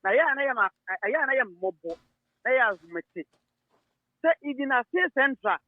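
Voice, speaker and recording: A man's voice: very high voice, very animated, normal speed, dry recording. A man calling in to a radio show, mixing English with Twi. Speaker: caller. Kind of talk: phone-in call. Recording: tinny dry phone line.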